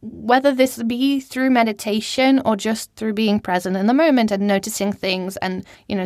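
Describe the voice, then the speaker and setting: A woman's voice: medium pitch, no room sound. Woman podcasting from a cupboard, dry sound. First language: German. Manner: casual, self-mocking, laughs at herself. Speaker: podcast host. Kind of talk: solo podcast monologue. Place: small cupboard at home. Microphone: studio microphone.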